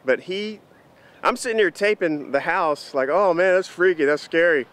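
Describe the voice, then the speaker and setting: Chatty higher-voiced man vlogging. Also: normal speed, background noise. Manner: animated, chatty storyteller. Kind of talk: casual storytelling vlog.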